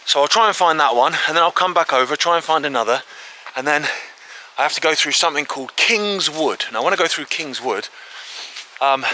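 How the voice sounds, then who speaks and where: A man hosting a walking exploration video outdoors, chatting excitedly to a handheld camera with frequent filler asides. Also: fairly high pitch, a little hiss or hum. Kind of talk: casual walk-and-talk to camera. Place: outdoors in fields, woods and an old quarry.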